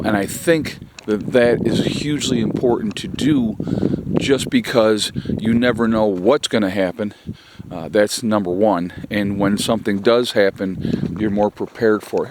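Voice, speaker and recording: Casual vlogger, male, lowish voice, loose and rambling delivery full of fillers, earnest about repeating key points. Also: background noise. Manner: rambling, filler-heavy, conversational. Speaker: prepping vlogger. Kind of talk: casual advice vlog.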